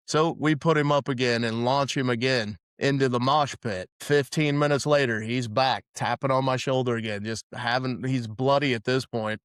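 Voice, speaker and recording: A man's voice: mid-range voice, fairly bright tone, clean tone, dry recording, studio quality. A man hosting a podcast, telling rowdy concert stories in a rambling, profane way with many restarts. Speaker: podcast host. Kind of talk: casual storytelling chat.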